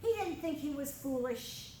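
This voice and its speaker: A woman's voice: high-pitched, expressive, a little slow, darkish tone, reverberant, a little hiss or hum, rough recording. A woman teaching a children's church lesson, telling a Bible story expressively and speaking directly to the kids while she draws. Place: church room.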